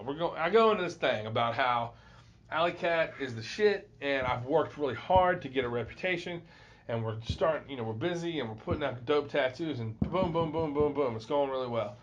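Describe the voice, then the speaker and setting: A man's voice: mid-range voice, animated, a little fast, a little hiss or hum. A man hosting a podcast, telling a story in a casual, profane way and acting out what people said. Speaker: podcast host. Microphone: phone. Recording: dull lo-fi phone recording.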